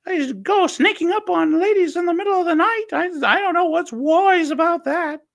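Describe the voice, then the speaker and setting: A man doing a shrill cranky mother. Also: normal speed, vocal fry, a bit bright, exaggerated voice. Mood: indignant. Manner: screeching, indignant. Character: shrill cranky middle-aged mother woman.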